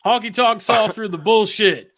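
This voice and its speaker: A man's voice: high voice, moderate pace, over a noisy crowd. A man co-hosting a podcast, joking and laughing in casual chat. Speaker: podcast co-host.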